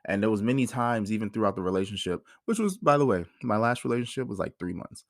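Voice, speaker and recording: A man in his thirties with a lowish voice rants through a casual podcast monologue, heated and full of profanity. The sound is dry and close, with no room around it. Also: quick pace, dry recording. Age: 30s. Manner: heated, profane, animated storytelling. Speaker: podcast host.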